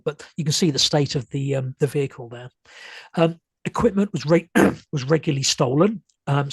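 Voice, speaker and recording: Husky man giving a hesitant talk. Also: mid-range voice, no echo. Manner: hesitant, many ums and restarts. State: losing his voice. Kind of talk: illustrated history talk.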